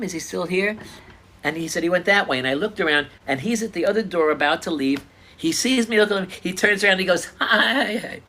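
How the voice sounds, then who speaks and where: An older man earnestly retelling his own encounters in a casual, animated storytelling style. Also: fairly high pitch. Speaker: speaker sharing personal stories.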